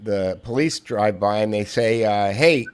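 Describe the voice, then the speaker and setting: A man with a lowish voice talks as a guest on a podcast, telling a long joke. He circles around his points with stops and restarts. The sound is a remote call. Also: fairly even intonation, measured pace, darkish tone, a little hiss or hum. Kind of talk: casual conversation with storytelling.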